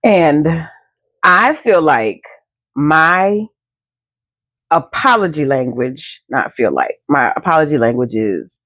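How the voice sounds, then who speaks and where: A woman podcast co-host chatting with a friend, playful and quick to laugh. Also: low-pitched, lively intonation, a bit bright, no room sound. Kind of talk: casual chat between friends.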